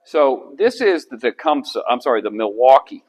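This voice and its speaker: A middle-aged man, a historian lecturing to a club about slides, conversational and animated with frequent restarts. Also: medium pitch, normal speed. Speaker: historian and author giving a talk.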